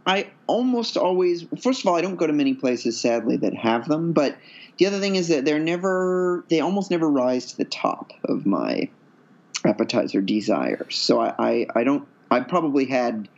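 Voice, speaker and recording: A man's voice: on the high side, very animated, moderate pace, gravelly. Hesitant man on a dull lo-fi mic. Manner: hesitant, lots of ums and restarts. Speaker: podcast co-host. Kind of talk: casual chat.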